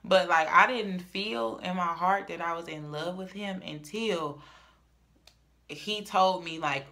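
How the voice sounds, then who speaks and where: A woman's voice: on the low side, slow. A young woman, telling a personal story in a casual, dramatic vlog. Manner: chatty, dramatic, swings from loud to murmured.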